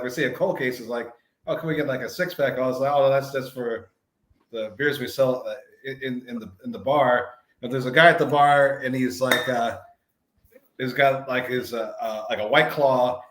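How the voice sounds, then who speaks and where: A man, telling a story in fits and starts, with lots of fillers. His voice sounds roomy and echoey. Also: medium pitch. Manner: halting, many fillers and restarts. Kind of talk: casual storytelling. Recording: roomy echo.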